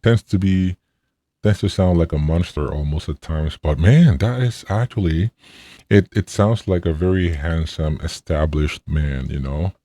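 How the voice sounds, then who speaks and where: A man talking through a male voice-changer preset that deepens his voice, testing it aloud and sounding impressed. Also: a little slow, warm tone, no room sound.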